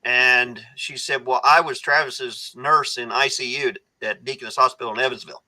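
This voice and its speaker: A man's voice: medium pitch, fairly even intonation, normal speed, sharp tone, poor audio. A man speaking as a guest on a podcast, an earnest storyteller who often restarts his sentences. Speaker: guest, foundation founder. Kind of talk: casual podcast conversation.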